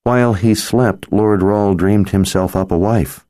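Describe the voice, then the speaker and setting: A man's voice: lowish voice, fairly even intonation, a little slow, dark tone, no room sound, clean studio sound, voice pushed up, lightly acted. A man voicing a sardonic young female bodyguard in a wry, teasing manner.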